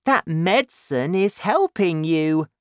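A woman doing a high, eager young boy. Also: lively intonation, takes it slowly, no room sound. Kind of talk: storybook reading.

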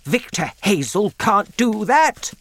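A man voicing a kind village doctor over seventy for a storybook, who gets loud and worked up when outraged. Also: on the high side, slow, dry recording, pitched above the performer's own voice. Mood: indignant. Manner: excitable, raises voice when outraged.

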